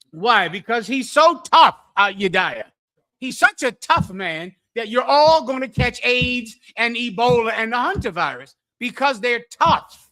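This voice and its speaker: Preacher, male, high bright voice, mocking and scolding, fiery sermon delivery. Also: very animated, measured pace.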